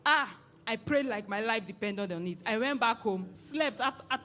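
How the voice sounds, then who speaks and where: Excited Nigerian woman giving testimony. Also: on the high side, moderate pace, a little hiss or hum. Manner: excited, exclaiming, quoting others in dialogue. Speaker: testimony giver at a church service. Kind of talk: emotional testimony.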